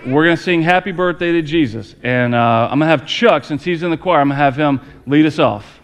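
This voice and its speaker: A man's voice: a little high, fairly quick, clear, resonant tone. A middle-aged man preaching a playful Christmas sermon as pastor, talking straight to his congregation. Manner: playful, addresses the congregation directly. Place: church sanctuary with congregation. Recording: long hall reverb, audience noise.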